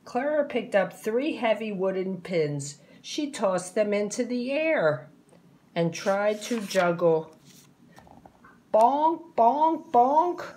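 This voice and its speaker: A woman reading a children's picture book aloud in a slow, deliberate voice. Her narration is clear and expressive, pitched in an ordinary middle range. She takes her time over each sentence, as if for young listeners.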